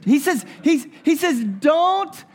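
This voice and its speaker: A man's voice: high voice, expressive, normal speed. A man preaching a sermon as pastor, earnest and talking straight to the congregation, often repeating his phrases.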